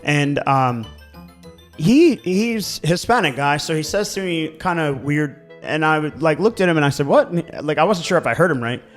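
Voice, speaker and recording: His pitch is fairly high and his speed normal as this Baltimore-accented podcast co-host, who works in real estate, spins casual stories full of laughter and cursing. Soft music plays behind him.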